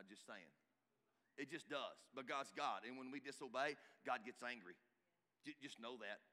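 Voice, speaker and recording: A middle-aged male pastor, preaching a sermon emphatically, swinging from loud exhortation to hushed asides. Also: medium pitch. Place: church hall. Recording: reverberant church hall.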